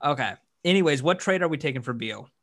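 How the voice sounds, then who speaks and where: A man's voice: a little high, expressive, fast, a bit bright. A man hosting a casual sports podcast, rambling with frequent restarts and hiccuping. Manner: rambling, restarts often, upbeat. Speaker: podcast host.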